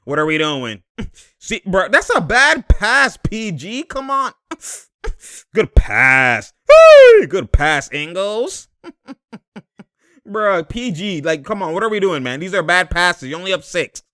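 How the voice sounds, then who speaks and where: A man talks through basketball footage in a loose, animated way, laughing often and calling out to the players in street slang. His voice sits a little high and rings bright and forceful. The sound is close and dry. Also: slow pace, pauses often, no echo. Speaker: basketball commentator. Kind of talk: casual game-footage breakdown.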